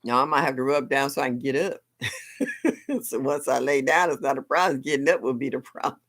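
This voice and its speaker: A woman's voice: rumbling low, animated, moderate pace. An older woman hosting a live stream, chatting casually and exclaiming often, with frequent laughs. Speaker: livestream host.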